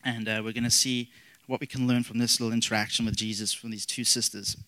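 A man delivers a sermon as pastor, with a bright, forward tone. He speaks earnestly, lifting his emphasis and dropping into casual asides. The sound is dry and close. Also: mid-range voice, flat delivery, quick pace, no echo, low-quality recording.

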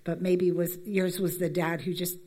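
A woman's voice: on the low side, little pitch movement, normal speed, warm tone. A woman in her fifties from Canada, giving a conversational church talk with many fillers and friendly asides. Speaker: church speaker. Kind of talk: conversational sermon.

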